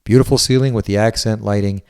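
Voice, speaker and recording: Man, low voice, real estate agent, house walkthrough, upbeat, salesy. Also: steady tone, quick pace, a little mellow, clean tone. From Southwest Florida resident. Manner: enthusiastic, chatty salesman. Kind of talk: property walkthrough tour. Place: indoors in a house.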